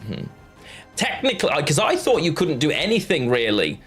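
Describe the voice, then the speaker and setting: A man's voice: a little high, wildly swooping pitch, normal speed, a bit bright, soft background music. A man chatting casually on a live stream while playing a card game, rambling and answering his chat.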